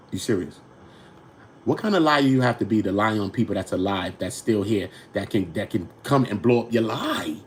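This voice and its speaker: New York man, low-ish voice, streetwise commentary host, animated and loud-to-quiet. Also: moderate pace, slight background noise. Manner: animated, swings between loud outbursts and low mutters. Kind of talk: casual commentary.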